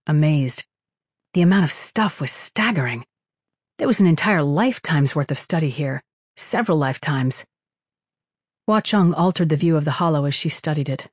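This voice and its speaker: Steady, dry audiobook narrator. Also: medium pitch, moderate pace, breathy edge, no room sound. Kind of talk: scripted narration.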